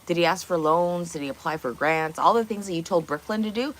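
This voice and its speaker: Talking at a quick pace with few pauses, a woman with a lowish voice hosts a casual livestream from her home kitchen. She is blunt and opinionated, with plenty of swearing and rhetorical questions.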